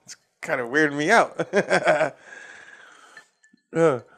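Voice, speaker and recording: A man's voice: on the high side, takes it slowly, vocal fry, fairly bright tone. A man from Massachusetts hosting a comedy podcast, ranting casually with lots of swearing and laughing at his own jokes. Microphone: facing a camera.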